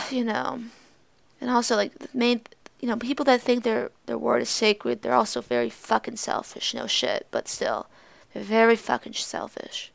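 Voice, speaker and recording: A woman's voice: on the high side, measured pace, creaky. A teenage girl from Massachusetts hosting a solo podcast, ranting in a blunt, profane and sarcastic way. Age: teens. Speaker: podcast host.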